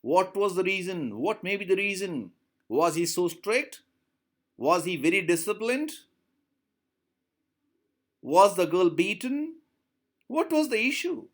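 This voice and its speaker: Indian english teacher going over a story, bit high voice, really lively up and down. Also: male voice, takes it slowly, pauses often. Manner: repeats and rereads lines, asks questions. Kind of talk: classroom lesson explaining a story.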